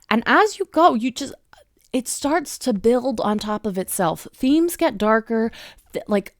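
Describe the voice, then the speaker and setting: A woman's voice: a little high, animated, moderate pace, dry recording, studio quality. A young woman giving a casual, effusive book review at home, chatting with many fillers and restarts. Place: home room with bookshelves.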